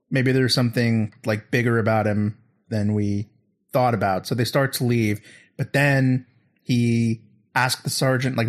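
A man in a casual podcast chat, retelling an episode in a rambling way and acting out the characters' lines. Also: mid-range voice. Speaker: podcast host.

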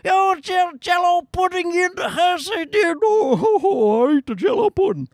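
A man's voice: very high voice, animated, moderate pace, no room sound, studio quality, pitched above the performer's own voice. A man doing a jolly, chuckling impression of an older male comedian that drifts into a diva voice.

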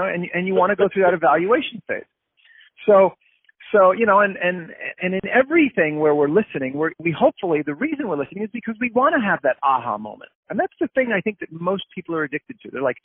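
A man's voice: sits high, breathy edge, no room sound. Man explaining over a tinny phone line. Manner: explains with acted-out everyday examples. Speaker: guest. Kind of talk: casual interview talk.

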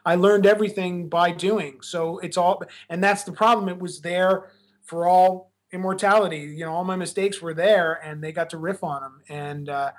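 A film director being interviewed, talking casually and laughing at himself, with lots of restarts. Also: male voice, high voice, steady tone, normal speed. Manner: chatty, self-deprecating, many restarts.

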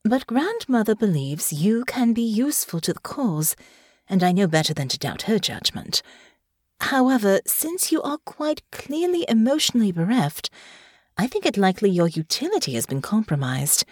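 A woman's voice: medium pitch, sing-song, normal speed, darkish tone, no echo, clean studio sound. A woman voicing a cold, calculating young noblewoman who speaks in a detached, matter-of-fact way.

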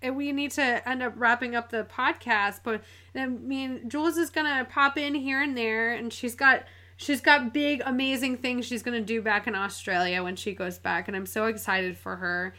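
A woman's voice: fairly high pitch, steady tone, moderate pace, sharp tone. A woman hosting a podcast, speaking earnestly and enthusiastically in a casual chat. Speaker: podcast host.

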